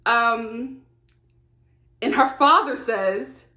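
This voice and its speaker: A woman giving a casual, animated recap of a reality TV episode, laughing often and talking back to the screen. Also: a little high, very slow. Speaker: TV show reviewer. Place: home filming setup. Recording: echoey room.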